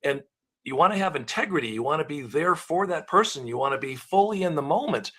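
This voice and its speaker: A husky-voiced man with a fairly high pitch, talking through conflict with lively acted-out examples. He speaks as a coach in a relaxed conversational way. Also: a little fast. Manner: animated, acts out dialogue examples. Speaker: guest, question coach. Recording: live online show.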